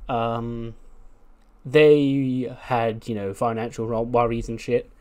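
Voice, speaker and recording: A man's voice: mid-range voice, flat delivery, slow, a little mellow, clear, resonant tone. A man giving casual, sweary commentary on his game playthrough. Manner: chatty, sweary, acts out scenes. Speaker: game video host.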